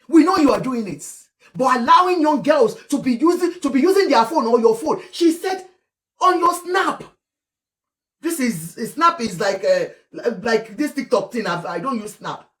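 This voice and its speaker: A Nigerian woman giving animated, scolding commentary on celebrity gossip, slipping between English, Yoruba and Pidgin. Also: sits high, echoey room. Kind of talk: casual commentary vlog.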